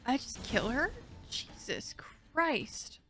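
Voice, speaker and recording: A woman's voice: sits high, animated, slow pace, pushed and bright. A young woman streaming a game live, ranting in a profane, exasperated way. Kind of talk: live gameplay commentary. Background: game music.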